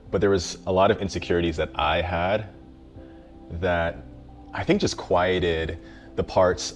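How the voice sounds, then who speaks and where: A middle-aged man, a mental health therapist, talking casually and reflectively about his path into counseling, with frequent "um"s and restarts. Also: deep voice. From the Bronx, New York. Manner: reflective, with many fillers and restarts. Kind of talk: casual introductory talk.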